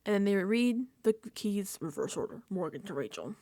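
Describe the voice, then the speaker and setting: A woman's voice: mid-range voice, normal speed, no room sound, clean studio sound. A woman hosting a casual reality TV recap, animatedly acting out her reactions into a microphone. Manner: animated, acts out her own reactions and quotes. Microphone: desk microphone.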